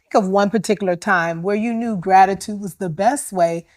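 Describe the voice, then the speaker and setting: A woman's voice: medium pitch, moderate pace, a little mellow, no echo, clean studio sound. A woman minister hosting a church panel discussion, encouraging and affirming her guests as they talk. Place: church studio.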